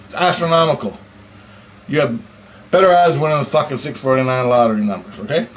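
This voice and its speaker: A man telling a story in a rambling, profane monologue, swearing constantly and getting animated as he tells it. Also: medium pitch, brisk, slight background noise. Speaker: vlogger.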